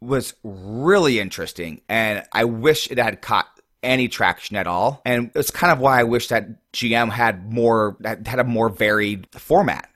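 Podcast co-host, man, rambling casual chat, lowish voice, dry close mic. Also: normal speed, fairly bright tone, dry recording. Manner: chatty, rambling, lots of fillers.

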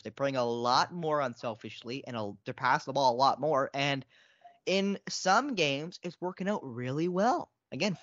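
A man co-hosting a casual sports podcast. He is excitable and repeats himself, and his pitch jumps a lot. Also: no echo. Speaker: podcast co-host. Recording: dry, dull lo-fi sound.

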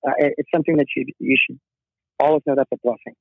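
A man's voice: medium pitch, steady tone, quick pace, husky, dry recording. Heartfelt musician man on a tinny phone. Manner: rambling, heartfelt, many restarts. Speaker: musician guest. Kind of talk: emotional storytelling interview.

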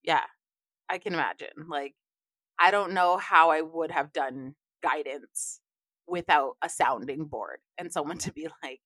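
A woman's voice: sits low, a little slow, a bit bright, no echo, studio quality. A young woman co-hosting a podcast in casual chat, tired, laughing often as she talks. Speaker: podcast co-host.

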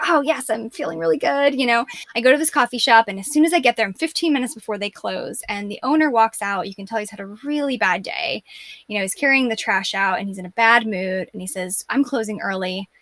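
A woman's voice: on the high side, a bit bright, no room sound. A woman coach talking earnestly and reflectively as an interview guest, often checking in with "right?" and "you know".

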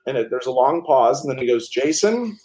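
A man telling animated stories as the author and guest in a casual interview, with many restarts. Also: medium pitch, quick pace, poor audio.

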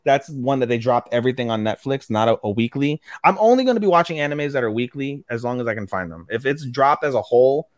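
A man co-hosting a podcast in casual chat, excitable, swearing freely and filling with ums. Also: medium pitch, fast, few pauses, no room sound, clean studio sound. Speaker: podcast co-host.

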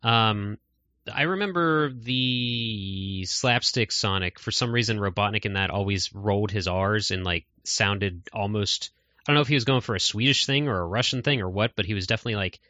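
A man hosts a podcast in loose, rambling casual chat that is full of fillers. His voice sits a little low with a bright, forceful edge. The recording is dry and close. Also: normal speed, dry recording. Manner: rambling, many fillers and laughs. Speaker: podcast host.

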